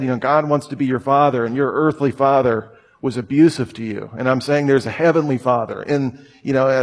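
A man in his thirties preaching a conversational sermon, telling stories with humor. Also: mid-range voice. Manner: casual, storytelling with humor.

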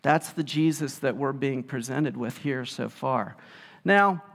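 A man preaching a sermon, telling the story in a lively way and acting out the quotes. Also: mid-range voice, a little slow. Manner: animated storytelling, acts out quotes. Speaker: pastor. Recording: long hall reverb.

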